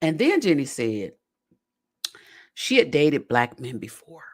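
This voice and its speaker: A talkative podcast host runs through a reality show episode in casual commentary and speaks straight to the audience. The voice is animated and bounces widely in pitch. Phrases come back again and again for emphasis. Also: slow pace. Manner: addresses listeners directly as "y'all".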